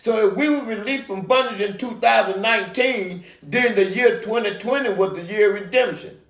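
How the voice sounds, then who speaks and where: Gravelly profane older man preaching. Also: sits high, moderate pace, fairly bright tone, echoey room. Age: middle-aged or older. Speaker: host of a recovery talk show. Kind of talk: unscripted monologue.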